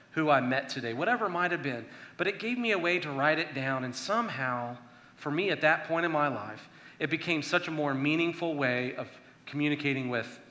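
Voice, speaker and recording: A man giving a casual, conversational youth sermon, talking to a church youth group and acting out prayers in a hushed voice. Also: on the high side. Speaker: youth minister. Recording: echoey room.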